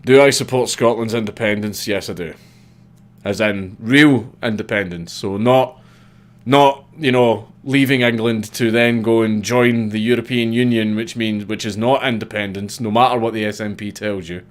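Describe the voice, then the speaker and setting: A Scottish man in his thirties hosts a casual livestream, reading out viewer comments and answering them bluntly, with swearing and repeated false starts. His voice is lowish and steady, at a moderate pace.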